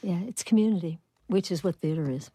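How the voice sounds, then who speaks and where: A woman hosting a broadcast interview, lively and playful as she asks her questions. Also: on the low side, a little fast, breathy edge, no room sound. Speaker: radio interviewer.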